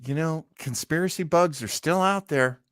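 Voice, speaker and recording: A man co-hosting a casual review podcast, animated, his voice jumping high when he is surprised. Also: normal speed, clear, resonant tone, dry recording, clean studio sound. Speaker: podcast co-host.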